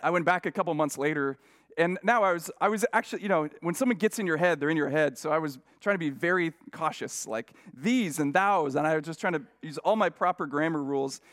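High-voiced man preaching conversationally. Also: quick pace, a bit bright. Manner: storytelling with frequent restarts and self-deprecating asides. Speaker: guest preacher. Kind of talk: conversational sermon.

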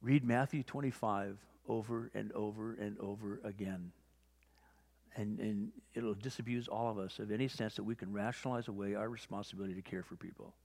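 A man preaching a sermon as pastor, telling stories and acting out both sides of conversations with lively energy. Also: lowish voice, brisk, creaky. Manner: animated storytelling, acting out conversations. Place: church sanctuary. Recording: long hall reverb.

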